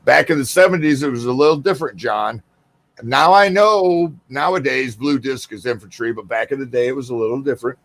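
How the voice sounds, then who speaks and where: A man's voice: mid-range voice, animated, a little fast, creaky, fairly bright tone, no echo. A middle-aged man chatting casually with fellow veterans, laid back as he sets a detail straight. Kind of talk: casual chat.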